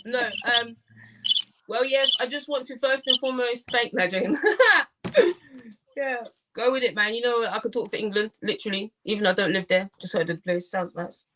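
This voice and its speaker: High-pitched, slangy playful woman guest. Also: steady tone, a bit bright, slight background noise. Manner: slangy, playful, quick to laugh. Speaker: guest poet. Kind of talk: casual chat.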